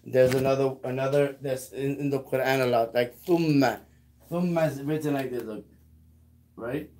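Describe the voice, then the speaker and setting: A man teaching a beginner one-on-one in a casual lesson, patiently repeating words slowly. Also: mid-range voice, steady tone, warm tone. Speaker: Arabic teacher.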